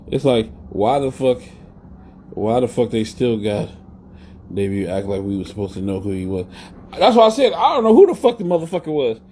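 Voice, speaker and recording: A man's voice: mid-range voice, sing-song, normal speed, long pauses, warm tone. Guy ranting live about wrestling, cusses a lot, darkish voice, bit of hiss. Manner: blunt, profane, rambling. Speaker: podcast host. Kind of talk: casual live-stream rant.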